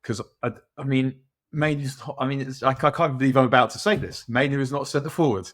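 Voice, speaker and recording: A man's voice: medium pitch, brisk, fairly bright tone. A man co-hosting a football podcast, talking in a rambling, self-mocking way with many restarts. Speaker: podcast co-host. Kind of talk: casual football chat.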